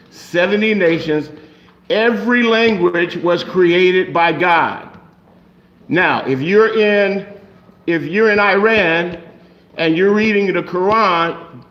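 A pastor with a voice that sits high and has a fairly bright tone preaches a sermon conversationally, frequently checking in with the congregation by asking "okay?". The recording's highs are cut off.

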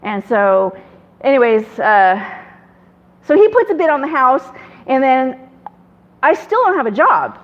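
A woman's voice: sits high, big pitch swings, measured pace, pauses often, dull audio. A woman casually telling a personal story, chatty, acting out other people in quoted dialogue. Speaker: guest telling her faith testimony.

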